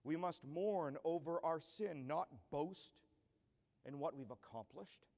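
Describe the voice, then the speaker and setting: A man's voice: on the high side, slow pace, darkish tone. A man pastor preaching a sermon in an earnest style that builds to emphatic declarations. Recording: long church hall reverb.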